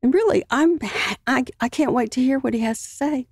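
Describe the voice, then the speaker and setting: A woman guest on a podcast, earnestly telling a personal story in a halting way with many fillers. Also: sits high, a little mellow, slightly rough, dry recording, studio quality.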